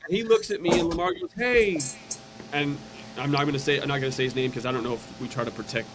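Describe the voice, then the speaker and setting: A man's voice: mid-range voice, lively intonation, very fast. Earnest man telling a personal story. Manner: earnest and conversational, acts out quoted voices. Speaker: podcast guest.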